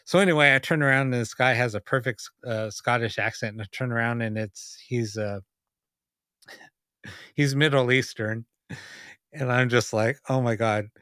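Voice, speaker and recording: Male podcast host, bright and crisp, chatty storyteller who keeps restarting his sentences. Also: medium pitch, normal speed, dry recording, studio quality. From United States (Los Angeles). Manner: rambling anecdotes with many fillers and restarts. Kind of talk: casual podcast chat.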